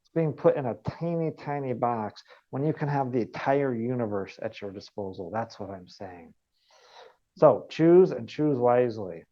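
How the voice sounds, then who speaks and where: A man's voice: medium pitch, expressive, moderate pace, dark tone, muffled recording. A man giving an online wellness training, earnest and repeating key points for emphasis. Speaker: wellness coach.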